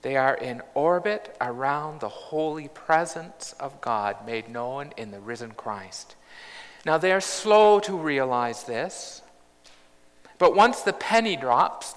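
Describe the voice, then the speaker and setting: A man in his fifties preaching a sermon in a large church, measured and reflective with bursts of humour. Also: on the high side, animated, a bit bright. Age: 50s. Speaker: pastor. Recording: long church reverb.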